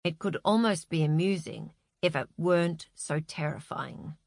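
A woman reading a novel aloud in a measured, expressive narration. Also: low-pitched, vocal fry, no room sound, studio quality. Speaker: audiobook narrator. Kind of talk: scripted narration.

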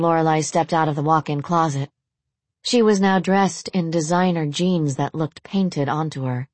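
A woman with a low, breathy voice reads a novel aloud in a steady storytelling manner. The recording is close and dry. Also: dry recording. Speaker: audiobook narrator. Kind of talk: novel reading.

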